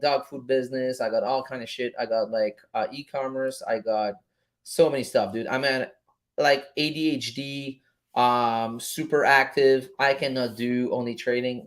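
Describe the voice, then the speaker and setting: A man hosting a casual live stream on trading, laid-back and slangy, swearing often and filling pauses with "um". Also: a little high, a bit bright. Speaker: forex trading streamer host.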